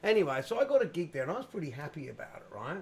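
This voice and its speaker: A man from England telling stories in a casual chat, animated and laughing as he goes. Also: fairly high pitch, rapid-fire, gravelly. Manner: animated, laughing storyteller, swears. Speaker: musician guest.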